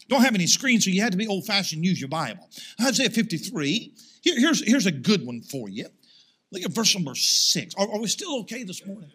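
A male pastor preaching a sermon to his congregation in church. He asks rhetorical questions and rises into loud, emphatic swells. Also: sits high, husky.

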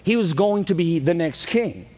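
A man with a high-pitched voice preaches a sermon, telling the story in a lively, casual way. His voice rings out with a long reverb, as in a large hall. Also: moderate pace. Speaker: pastor.

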